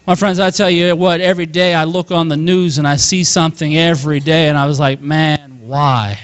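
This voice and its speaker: A young man preaching a sermon as pastor, animated, calling out to his congregation and chuckling often. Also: a little high, fast.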